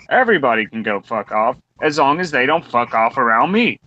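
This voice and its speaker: Bright-voiced profane ranting young man. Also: mid-range voice, big pitch swings, fairly quick. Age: 20s. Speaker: podcast co-host. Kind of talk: casual round-table rant. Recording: dull lo-fi recording.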